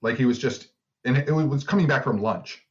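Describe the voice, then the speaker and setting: A man's voice: medium pitch, fairly quick, highs cut off. A man co-hosting a podcast, telling stories in laid-back casual chat and laughing at himself. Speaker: podcast co-host.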